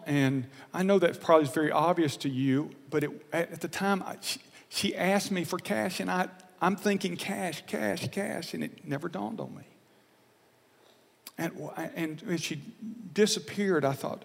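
A man preaching a sermon, telling a personal story in an earnest, confessional way, often halting and repeating words. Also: on the high side, creaky, in a large hall.

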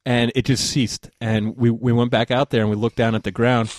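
A man of middle pitch tells a story on a podcast, rambling and restarting, swearing freely and laughing along. The recording is close and dry, with no room sound around him. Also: level tone, moderate pace, no echo. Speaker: podcast guest. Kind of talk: casual storytelling chat.

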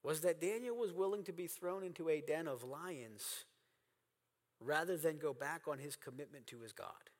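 A man's voice: fairly high pitch, moderate pace, long reverb tail. A man preaching a sermon as pastor, earnest and emphatic, repeating phrases for stress. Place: church sanctuary.

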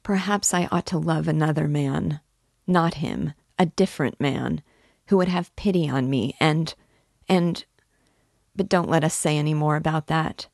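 A woman's voice: deep voice, a little slow, creaky, a little mellow, no room sound, studio quality, exaggerated voice. A woman reading the part of an emotional young woman torn in love, pleading and breaking off mid-sentence. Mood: tearful. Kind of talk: dramatic reading of a novel.

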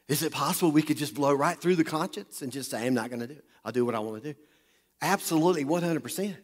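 A man preaching a sermon, joking and chatting with the crowd in front of him. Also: on the high side. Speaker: pastor. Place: large hall with an audience. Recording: long hall reverb.

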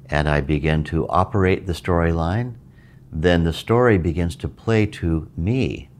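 Very deep-voiced man teaching meditation. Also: slight background noise. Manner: measured, repeats phrases for emphasis. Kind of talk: reflective spoken teaching.

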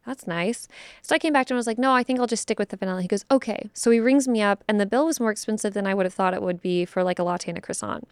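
A woman's voice: mid-range voice, quick pace, smooth, dry recording, studio quality. A woman in her twenties co-hosting a podcast, telling stories in casual chat and acting out the quotes, with lots of "like" fillers. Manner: chatty storyteller, acts out quotes, many "like" fillers. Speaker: podcast co-host.

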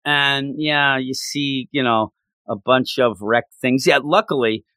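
A man's voice: mid-range voice, takes it slowly, pushed and bright, smooth, dry recording, studio quality. A man chatting casually as a co-host, retelling a story with feeling and acting out the characters' lines. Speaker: podcast co-host recapping a game. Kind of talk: casual chat.

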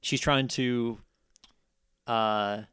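A man co-hosting a casual chat, talking haltingly with restarts and profane banter. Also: medium pitch, steady tone, a bit bright, clean tone, no room sound, clean studio sound. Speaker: podcast co-host.

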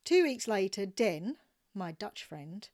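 A woman with an Australian accent, a podcast host reading a story aloud in a relaxed, wry manner. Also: medium pitch, slow pace.

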